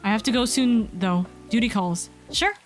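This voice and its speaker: A woman streamer, a little hoarse, chatting and reading game dialogue aloud during a live stream. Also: fairly high pitch, normal speed. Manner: chatty, reads game lines aloud between asides. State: slightly hoarse, losing her voice. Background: faint game music.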